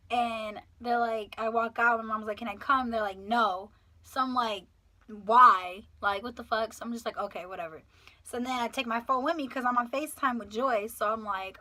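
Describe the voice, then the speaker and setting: A woman's voice: a little high, bright, forceful tone. An eighteen-year-old woman, telling a story casually and animatedly, swearing and acting out the people she quotes. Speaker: vlogger.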